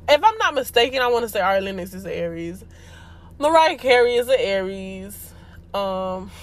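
A young woman hosting a podcast, talking in a chatty, slangy way with frequent laughter. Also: mid-range voice. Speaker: podcast host. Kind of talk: casual chat.

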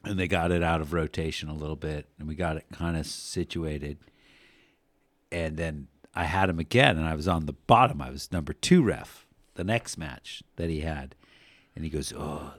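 A man co-hosting a casual sports podcast, telling rambling, profane stories that get animated. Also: very deep voice, normal speed, no room sound. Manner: rambling storyteller, swears, animated when recounting yelling. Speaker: podcast co-host.

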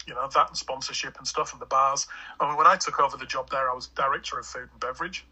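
Forceful husky man with a Hull accent. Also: mid-range voice, fairly even intonation, quick pace, low-quality recording. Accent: English, Hull. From England (Hull). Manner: chatty and rambling, many fillers and restarts. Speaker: guest. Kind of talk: casual chat.

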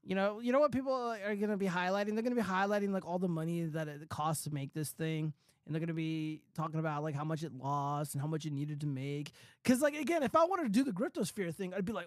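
A man's voice: sits high, lively intonation, fast, no echo, clean studio sound. A man hosting a casual commentary stream, reading news and chat comments in a loose, profane, rambling way with lots of fillers.

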